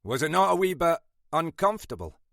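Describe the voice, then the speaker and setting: A man's voice: fairly high pitch, big pitch swings, a little fast, vocal fry, fairly bright tone, dry recording, pitched above the performer's own voice, heavily acted. A man voicing a brusque, scolding older Scottish male detective inspector in an audiobook. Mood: stern. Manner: brusque, scolding, dry wit. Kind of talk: audiobook character voice.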